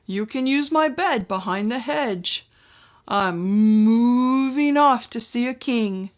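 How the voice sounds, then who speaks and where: A woman doing a slow, lumbering cow. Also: a little high, animated. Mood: calm. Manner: mooing, plodding.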